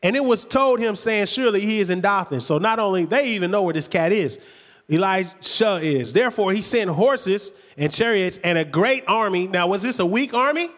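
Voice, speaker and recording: Male preacher, high voice, lively storytelling sermon, long hall reverb. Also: normal speed. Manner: lively, conversational retelling with acted quotes and rhetorical questions.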